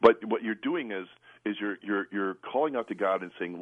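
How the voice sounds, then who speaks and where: Man, priest, very low hoarse voice, gravelly, earnest, tinny phone line. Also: lively intonation, normal speed, dry recording. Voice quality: deep and gravelly. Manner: earnest, many restarts and "you know". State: hoarse from the flu. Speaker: priest, spiritual director. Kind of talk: radio call-in talk.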